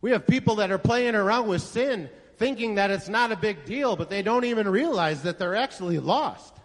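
With a high-pitched voice and lively intonation, a male pastor delivers a sermon at normal speed, narrating a story and stressing rhetorical questions. The recording carries echoey hall reverb.

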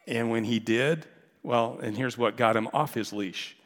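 A man preaching a sermon as pastor, telling a story with dramatic shifts from loud calls to hushed near-whispers. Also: mid-range voice, unhurried, big-room sound. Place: church sanctuary.

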